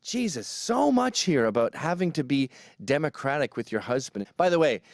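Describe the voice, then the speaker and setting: A man's voice: fairly high pitch, very animated, normal speed, no room sound, clean studio sound. A man giving a sarcastic, ranting comedic commentary, mocking as he goes. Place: New York.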